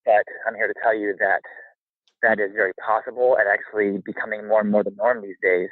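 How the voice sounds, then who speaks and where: A man in his thirties rambles eagerly through a casual interview while sitting outside by a campfire in the freezing cold, his voice a bit shaky from the chill. His voice is on the low side and sounds husky. The whole thing comes through a thin, tinny, phone-like line. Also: a little fast, no room sound. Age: 30s. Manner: rambling, energetic, with fillers. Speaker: guest. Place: outdoors by a campfire in freezing weather.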